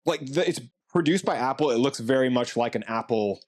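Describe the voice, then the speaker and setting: A man's voice: medium pitch, brisk. Laughing, joking man co-host. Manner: joking, laughs often, trailing restarts. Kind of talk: casual trailer reaction chat.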